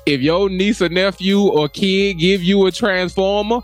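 A young adult man co-hosting a podcast, telling animated stories in casual chat, laughing often and swearing freely. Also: high-pitched, a little slow, faint music behind. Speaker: podcast co-host.

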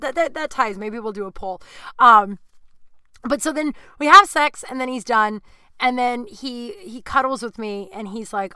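Frank, rambling podcast host, bright crisp voice. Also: female voice, fairly high pitch, no echo. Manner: crude, self-mocking humor. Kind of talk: candid storytelling chat.

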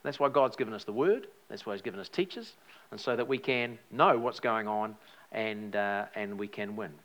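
A man preaching to a church and telling a personal story with lively changes of voice. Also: on the low side, normal speed. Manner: animated storytelling, acts out his own past words. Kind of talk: sermon testimony.

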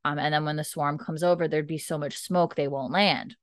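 A woman hosting a casual chat, recapping a story and acting out characters' lines in quick put-on voices. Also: sits low, steady tone, no room sound, clean studio sound. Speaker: podcast host recapping an episode.

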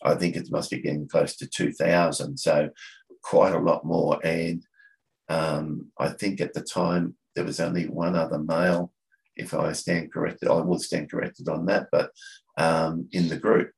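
Deep gravelly Australian man chatting. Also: flat delivery, low-quality recording. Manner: halting, with many restarts and fillers. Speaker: coffee catch-up organiser, podcast guest. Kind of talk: casual conversation.

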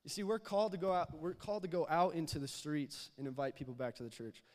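A youth pastor, a young man, preaches in a fairly high, darkish voice, talking fast in a chatty, loose way. He stumbles over repeated words and coaxes the congregation to respond, with a long reverb tail from the church sanctuary.

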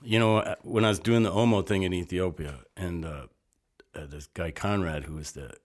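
A rambling older American man with a very low, deep voice spins loose, salty yarns as a guest. He jumps between asides and restarts, acting out the people in his stories. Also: moderate pace. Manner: rambling, animated storyteller, salty language. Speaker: interview guest. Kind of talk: casual storytelling.

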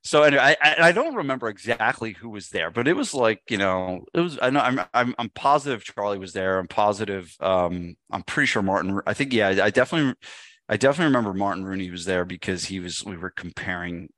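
A man's voice: on the low side, fast, dry recording. A man, a podcast guest, telling a story in casual chat with lots of fillers and restarts. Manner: animated, many fillers and restarts. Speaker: podcast guest, gym business speaker.

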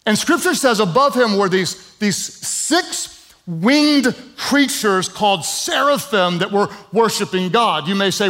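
High-voiced preacher, emphatic and conversational. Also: male voice, expressive, a little slow, a bit bright. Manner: emphatic repetition with humorous asides; conversational, with frequent "um" fillers. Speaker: pastor. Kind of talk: sermon.

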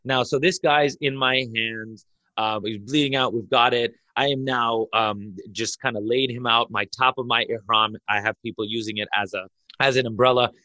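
A man, an imam, telling a dramatic story on a podcast, excitable and laughing as he goes. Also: medium pitch, no echo. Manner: excitable, laughs through his story, rushes in bursts. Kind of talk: animated storytelling in a podcast chat.

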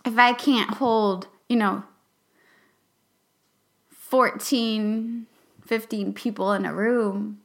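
Slow, earnest woman podcast host. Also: on the high side, fairly even intonation. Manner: earnest, halting, emotional, with soft laughs and whispered emphasis. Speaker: podcast host and class facilitator. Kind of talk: reflective podcast monologue.

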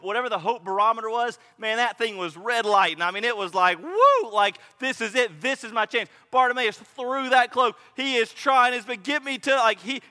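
Male preacher, high and sharp, dramatic sermon delivery, reverberant hall. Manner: dramatic, swings from loud to hushed, acts out quotes.

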